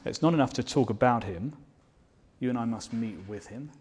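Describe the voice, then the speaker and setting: A man's voice: medium pitch, moderate pace, darkish tone, breathy edge. A man preaching a sermon, earnest and fervent, asking the listeners rhetorical questions. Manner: earnest, rising to fervent declarations.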